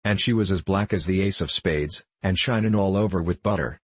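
A man's voice: deep voice, brisk, breathy edge, no echo. A man voicing a kindly, meek old sea captain who talks in a folksy rustic drawl with dropped endings.

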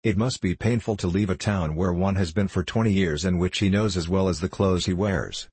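A man's voice: low voice, fairly quick, a little mellow, husky. A man doing a haughty nasal friar. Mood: lecturing. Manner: authoritative, indifferent, hair-splitting. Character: calm, haughty male Dominican friar.

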